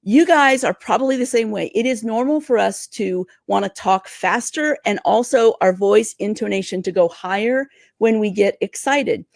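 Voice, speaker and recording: A woman coaches viewers through a livestream with quick, excited energy. Her voice sits at a middling pitch and sounds dry and close, with no room echo. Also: gravelly. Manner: energetic, talks fast and excitedly. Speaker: career coach.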